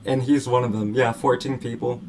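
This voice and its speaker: A man's voice: medium pitch, fairly even intonation, normal speed, darkish tone. A young man from California hosting a podcast, telling loose stories in casual chat and laughing often. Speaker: podcast host. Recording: noticeable background noise.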